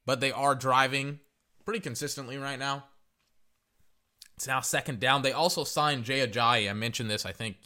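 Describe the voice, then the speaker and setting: A man hosting a sports podcast, chatting casually and rambling through play-by-play with frequent restarts. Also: medium pitch. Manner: rambling, restarts, excited outbursts. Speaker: podcast host.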